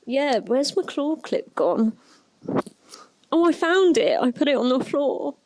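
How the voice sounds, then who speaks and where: A woman's voice: high-pitched, sing-song, slow, darkish tone, slight background noise, low-quality recording. A woman co-hosting a podcast while unwell with a fever, chatting casually and playfully. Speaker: podcast co-host. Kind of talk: casual chat.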